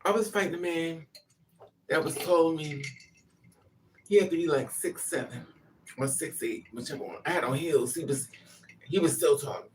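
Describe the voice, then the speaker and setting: Blunt, profane storytelling from a person in a casual monologue. The voice sits at a middling pitch and keeps jumping into loud, emphatic bursts. The mic is set well back, so the sound sits at a distance. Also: a little hiss or hum. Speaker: vlogger telling a personal story.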